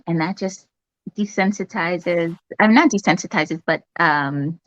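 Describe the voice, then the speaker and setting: A woman who is a nurse, a guest in a casual interview chat, talking in a calm, reflective way with many fillers. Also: lowish voice, measured pace, no room sound, dull audio.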